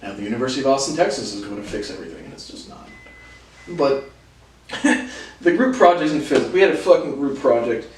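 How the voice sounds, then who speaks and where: A man's voice: mid-range voice, lively intonation, fast, recorded from a distance. A young man telling college stories in a casual monologue, profane and sardonic, laughing between lines. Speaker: host. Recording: roomy echo, voice off-mic, faint noise.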